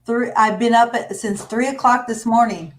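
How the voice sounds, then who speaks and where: A woman's voice: a little high, steady tone, normal speed, a little hiss or hum. A woman from California chatting casually on a livestream, friendly, asking questions and teasing. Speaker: livestream co-host. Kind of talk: casual chat.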